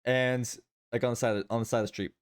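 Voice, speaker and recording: A man's voice: medium pitch, fairly even intonation, fast, clean tone. A man streaming live, chatting casually and rambling, often repeating his own phrases.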